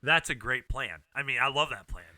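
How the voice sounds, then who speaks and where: A male co-host reacts with joking disbelief, his pitch jumping around in lively swings. His tone is sharp and bright, recorded dry and close to the mic. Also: brisk, dry recording. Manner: incredulous, joking, laughs a lot. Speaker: podcast co-host. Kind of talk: casual chat.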